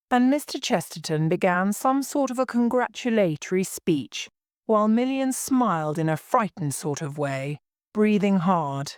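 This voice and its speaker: Slow, expressive woman reading a story. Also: medium pitch, no room sound, studio quality. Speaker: story reader. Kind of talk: storybook narration for language learners.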